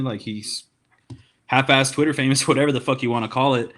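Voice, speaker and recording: A man's voice: mid-range voice, steady tone, fast talker, a bit bright. A man chatting casually on a podcast, telling rambling stories full of swearing and getting heated. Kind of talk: casual profane chat.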